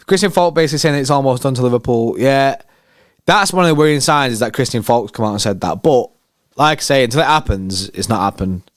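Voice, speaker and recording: Excitable lad, smooth voice. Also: male voice, medium pitch, quick pace, no room sound, clean studio sound. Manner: excitable, slangy, banter with chat. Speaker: fan channel host. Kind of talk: live match watchalong commentary.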